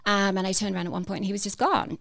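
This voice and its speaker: A woman's voice: medium pitch, fairly even intonation, very fast, vocal fry, fairly bright tone, dry recording. A woman telling her personal story as a guest, hesitant, with many fillers and restarts. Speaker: podcast guest.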